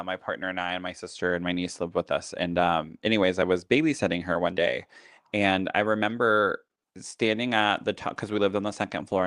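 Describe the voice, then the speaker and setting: A man with a fairly low voice talks in a loose, chatty podcast style, leaning on filler words as he explains things like a teacher. The recording is dry and close, with little room sound. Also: a bit bright, clean tone, no echo. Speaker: psychic medium and spiritual teacher. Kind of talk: casual podcast chat.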